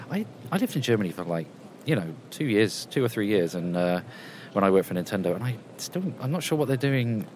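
A man's voice: fairly low pitch, a little mellow, slight background noise. A man casually reporting from a games convention, rambling and chatty, recorded outdoors. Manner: rambling and chatty, with many fillers. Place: quieter outdoor area at a convention.

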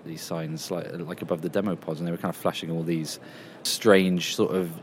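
A man's voice: low-pitched, fairly even intonation, normal speed, slight background noise. A man casually reporting from a games convention, rambling and chatty, recorded outdoors. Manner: rambling and chatty, with many fillers. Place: quieter outdoor area at a convention.

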